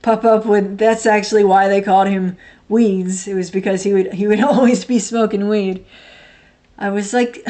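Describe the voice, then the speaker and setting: A woman's voice: mid-range voice, steady tone, normal speed, mellow. Rambling, profane woman streamer. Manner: rambling, laughs often, blunt and profane. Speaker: livestream host. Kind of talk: casual chat, reading and answering viewer comments.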